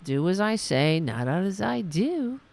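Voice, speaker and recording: A woman hosting a political commentary podcast, ranting sarcastically and mocking opponents in high put-on voices. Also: sing-song, slow, vocal fry, heavy background noise.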